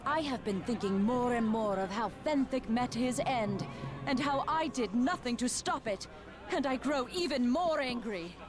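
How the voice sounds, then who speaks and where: A woman's voice: a little high, lively intonation, normal speed, lightly acted. An actress playing a grieving, angry female paladin of justice who speaks in a solemn, bitter, questioning way. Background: game music.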